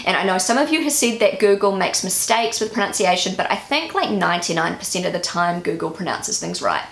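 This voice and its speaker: A New Zealand woman talks in a casual vlog, repeating words after an app and picking apart her own pronunciation. Her voice has a gravelly fry in it, and the room around her rings with an echo. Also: fairly low pitch, animated, brisk, fairly bright tone, a little hiss or hum. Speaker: vlogger. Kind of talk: casual language-learning vlog.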